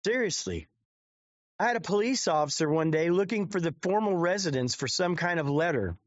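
A man's voice: on the high side, lively intonation, fairly quick, no room sound. A man giving crude, rambling commentary on his live stream and swearing constantly. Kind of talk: profane off-the-cuff stream commentary. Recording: dull lo-fi dry sound.

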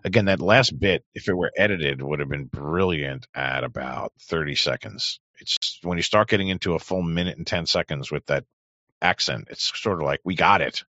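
Super deep gravelly guy hosting a radio stream, blunt and crude, dry dull mic. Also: normal speed, no room sound. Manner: crude, blunt, laughs loudly and repeats himself. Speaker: online radio show host. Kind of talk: casual reaction commentary.

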